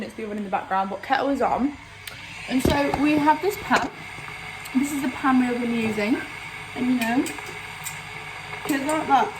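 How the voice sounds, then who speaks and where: A woman's voice: on the high side, fairly bright tone, slight background noise. A young woman vlogging at home, chatty and self-mocking, rambling through story times from her bedroom and kitchen. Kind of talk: casual chatty vlog.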